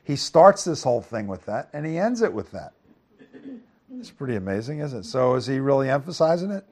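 A man's voice: very animated, brisk. Man, Bible teacher, verse-by-verse sermon, casual explanations, checks in with listeners. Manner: reads scripture louder, then explains in a low conversational aside; asks the listeners "right?" and "okay?". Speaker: preacher.

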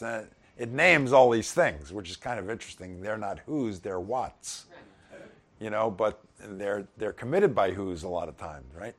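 A man's voice: lowish voice, moderate pace. A middle-aged man giving an informal sermon, conversational with chuckling asides. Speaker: pastor.

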